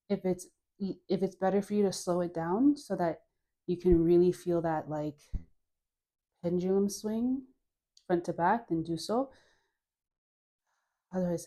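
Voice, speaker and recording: A woman with a Caribbean accent leading a guided dance class, relaxed and playful, counting moves and sighing through deep breaths. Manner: playful, laughs at her own jokes. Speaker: dance instructor.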